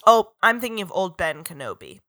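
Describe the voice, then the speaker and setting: A woman co-hosting a casual podcast, blunt and sarcastic with quick jokes. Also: fairly low pitch, sing-song, bright, forceful tone, dry recording, studio quality. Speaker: podcast co-host. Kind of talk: casual chat about books and films.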